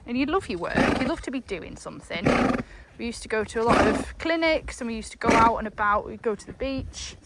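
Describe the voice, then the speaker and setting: A woman's voice: expressive, brisk, heavy background noise. A woman chatting casually to camera while riding through fields, cooing at her animals. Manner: chatty, coos to animals in a high sing-song. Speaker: farm vlogger. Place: outdoors in fields on horseback. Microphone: chest cam.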